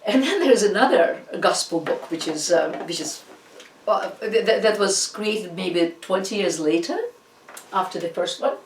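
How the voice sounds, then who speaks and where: A woman with a Russian accent gives a relaxed art history lecture, stopping and restarting often with fillers. Her voice sits at a middle pitch. The recording is roomy and echoey, with her some way off from the mic. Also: slight background noise. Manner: halting, many fillers and restarts, animated asides. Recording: roomy echo, distant from the mic.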